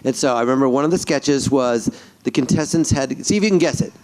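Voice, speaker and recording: A man, a voice actor on a convention panel, telling animated stories and jumping into character voices mid-story. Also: medium pitch, quick pace.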